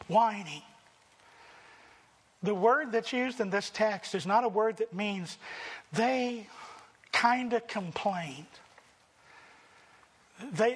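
A man preaching a sermon, lively, acting out the quoted complaints in voices. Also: high-pitched, husky, long reverb tail. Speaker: pastor.

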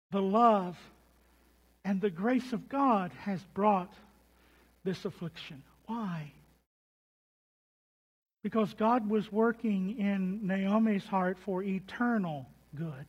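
High-voiced man preaching slowly in a reverberant hall. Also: husky, highs cut off. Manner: deliberate, emphatic, trailing off to soft low endings. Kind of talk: expository sermon.

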